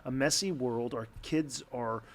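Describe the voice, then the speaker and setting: A man's voice: medium pitch, measured pace. A man in his forties co-hosting a faith-based podcast about fatherhood, earnest and self-deprecating in casual chat. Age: 40s. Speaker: podcast co-host.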